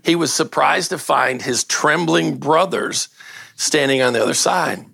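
Gravelly older male pastor, lively. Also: on the high side, a little slow, no room sound, studio quality. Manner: lively storyteller, banters and laughs with the audience. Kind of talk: casual sermon with a read-aloud story.

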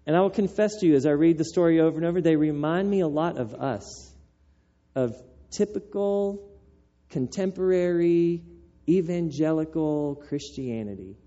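A man preaching a sermon as pastor, telling the story in a conversational, animated way, on a dull lo-fi recording. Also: a little high.

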